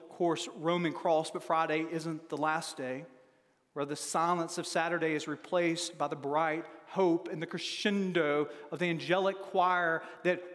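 A man's voice: high voice, fairly bright tone. A man preaching a sermon, reading scripture with dramatic shifts in emphasis. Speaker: pastor. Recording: long hall reverb.

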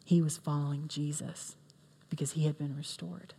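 A woman's voice: low voice, little pitch movement, normal speed, vocal fry, mellow, breathy edge. A woman giving a sermon in an earnest, conversational way, with many fillers. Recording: long reverb of a hall.

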